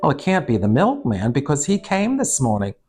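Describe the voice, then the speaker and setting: A man's voice: fairly high pitch, wildly swooping pitch, brisk, a little mellow, faint music behind. A man doing a prim fretting storybook mother. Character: fretting 1960s housewife mother.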